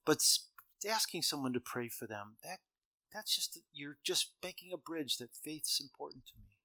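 Bright, forceful middle-aged man telling stories. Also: fairly high pitch, lively intonation, normal speed, no echo. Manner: conversational, acts out dialogue, chuckles at own jokes. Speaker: speaker. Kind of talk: humorous storytelling talk.

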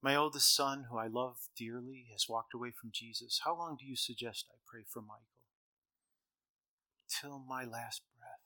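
A middle-aged man preaching a sermon to students in a hall, telling stories that swing between loud emphasis and quiet asides. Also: mid-range voice, moderate pace.

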